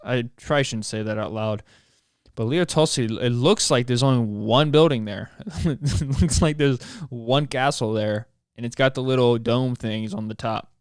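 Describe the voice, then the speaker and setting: A young American man hosts a solo podcast with a smooth, clear voice, recorded close and dry. He rambles, tripping over words and poking fun at himself. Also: medium pitch, normal speed, no room sound. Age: young adult. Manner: rambling, self-mocking, stumbles over words. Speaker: podcast host.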